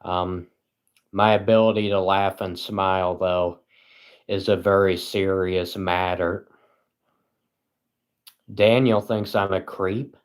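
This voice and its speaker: A man livestreaming at home, reading chat aloud and answering with deadpan sarcasm and frequent chuckles. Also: sits low, slow pace, long pauses, clean tone.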